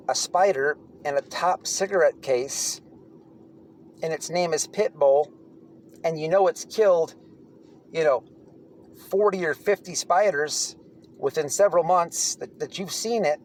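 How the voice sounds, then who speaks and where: A man spins a casual, rambling tale in a somewhat high voice. He is blunt and swears freely, backing up to restart his sentences as he goes. A faint background noise sits under his voice. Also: a little slow, pauses often. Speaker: channel host telling prison stories. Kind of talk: casual storytelling monologue.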